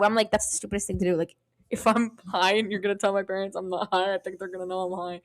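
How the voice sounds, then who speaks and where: A woman's voice: medium pitch, fast. Swearing, storytelling young woman podcaster. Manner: animated storytelling, acting out other people's lines, frequent swearing. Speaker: podcast co-host. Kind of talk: casual chat.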